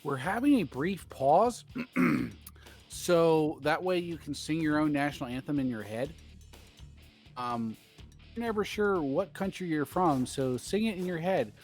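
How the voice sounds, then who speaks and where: A man's voice: on the high side, lively intonation, measured pace, a little mellow, soft background music. A man doing rambling, jokey play-by-play commentary on a baseball video game stream.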